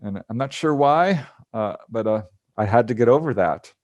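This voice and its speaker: A man giving a casual talk over a video call, telling personal stories with lively acted-out dialogue and small laughs. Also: medium pitch, normal speed, no echo, dull audio. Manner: animated storytelling, acts out quoted dialogue with laughs. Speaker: speaker on out-of-body travel.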